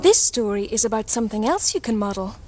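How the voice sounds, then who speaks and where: A woman telling a children's story aloud in a lively, expressive way for a young audience. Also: fairly high pitch, quick pace, faint music behind, close to an everyday voice.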